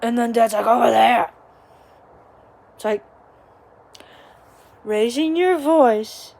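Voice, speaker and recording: A woman's voice: a little high, warm tone. A young woman vlogger telling a casual, rambling story at home, full of asides and quoted voices. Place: small home, living room.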